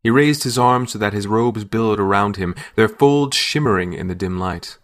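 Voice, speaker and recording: A man tells a first-person story from a script, keeping his steady, measured delivery calm and unrushed. His voice is somewhat low, suiting the classic audio fiction feel.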